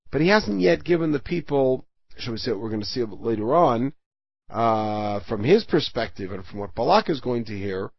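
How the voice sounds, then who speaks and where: A man's voice: medium pitch, vocal fry, husky, dry recording, highs cut off. A man teaching the weekly Torah portion, reading Hebrew verses aloud and then explaining them in plain speech.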